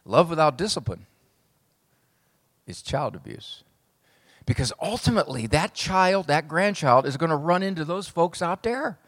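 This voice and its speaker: Middle-aged male speaker, fairly high voice, dry punchy humor, live talk in an echoing hall. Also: normal speed, pauses often. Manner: wry, punchy, deadpan jokes. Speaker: psychologist speaking to an audience. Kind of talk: humorous speech to a live audience. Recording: long hall reverb.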